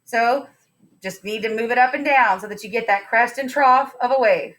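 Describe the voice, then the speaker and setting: A woman's voice: fairly high pitch, normal speed, fairly bright tone. A woman teacher giving a science lesson in a classroom, upbeat and playful, putting questions to her students.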